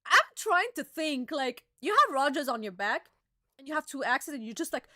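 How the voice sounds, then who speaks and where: A young woman co-hosting a casual live reaction chat, excitable and giggly, with lots of slang and restarts. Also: high-pitched, moderate pace, no echo, studio quality. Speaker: co-host reacting to a manga chapter.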